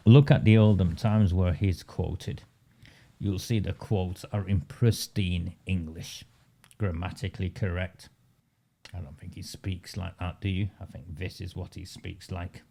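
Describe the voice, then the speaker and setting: Guy with a lowish voice doing a sarcastic combative political rant, lots of rhetorical questions. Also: a little slow, gravelly, dark tone. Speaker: local political campaigner. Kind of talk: political commentary monologue.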